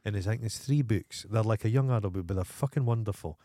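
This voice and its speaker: A man's voice: on the low side, quick pace, dark tone, dry recording. A Scottish man co-hosting a podcast in casual chat, ranting emphatically and swearing freely. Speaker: podcast co-host.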